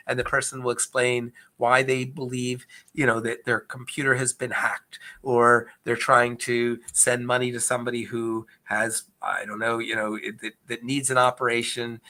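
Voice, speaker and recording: A man's voice: mid-range voice, level tone, moderate pace, hardly any pauses, pushed and bright. A man from a government agency answering questions about fraud in an earnest, explanatory way, often restarting his sentences. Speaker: agency speaker on investor fraud. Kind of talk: conversational Q&A presentation.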